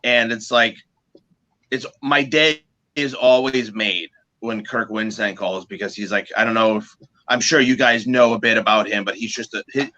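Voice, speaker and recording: A man, a guest musician, telling stories in a casual, animated way, swearing freely and restarting his sentences. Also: fairly low pitch, moderate pace, rough recording. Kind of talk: casual storytelling.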